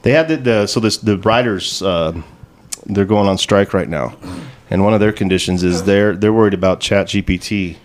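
Low-voiced swearing podcast host. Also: male voice, moderate pace. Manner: blunt, riffing, swears freely. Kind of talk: casual profane chat.

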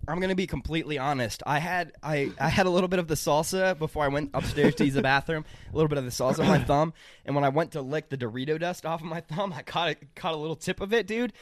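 A young man co-hosting a casual podcast, loud and swearing with laughter. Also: on the high side, fast, no echo. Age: young adult. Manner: loud, swearing, laughing while eating hot sauce. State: gasping from spicy food. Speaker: podcast co-host. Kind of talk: casual chat.

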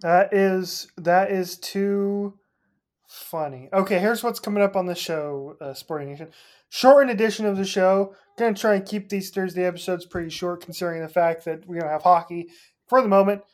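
A co-host of a casual sports podcast, easygoing and amused, laughing along. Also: male voice, high-pitched, normal speed. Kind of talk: casual chat.

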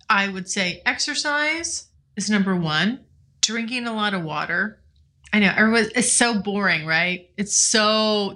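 Woman in her 40s rambling on her podcast, bright voice, swears a lot, laughs along. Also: mid-range voice. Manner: candid and chatty, swears freely, laughs often. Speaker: podcast host. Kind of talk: casual solo podcast chat. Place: home, morning with coffee.

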